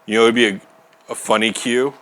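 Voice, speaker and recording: A man's voice: fairly low pitch, level tone, brisk, bright, forceful tone. Joking man co-hosting a game stream. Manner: joking storyteller, acts out quotes. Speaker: co-host. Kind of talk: casual gaming stream chat.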